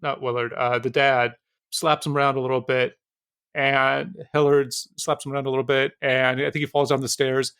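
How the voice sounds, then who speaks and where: A man's voice: medium pitch, little pitch movement, moderate pace, a bit bright, clear, resonant tone, no room sound, studio quality. A man co-hosting a film podcast, talking through ideas in a loose, rambling way with lots of fillers. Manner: thoughtful, rambling with many fillers. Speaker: podcast co-host. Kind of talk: casual film discussion.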